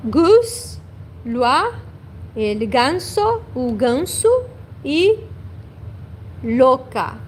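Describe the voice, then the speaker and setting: A woman with a high, lively voice teaches a language lesson on a livestream, moving at a very slow, careful pace. She repeats each word twice and pauses to correct herself, while traffic hums faintly in the background.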